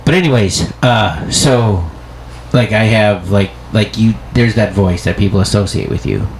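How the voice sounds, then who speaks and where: A man's voice: on the low side, unhurried, background noise. A man co-hosting a comedy podcast, chatting casually in a rambling, profane way with frequent restarts.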